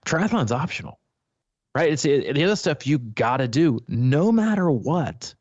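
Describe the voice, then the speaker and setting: A man's voice: fairly high pitch, very animated, a little slow, a little mellow, dry recording, lo-fi sound. A man coaching triathletes, talking in a rambling casual way with frequent restarts. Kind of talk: casual podcast chat.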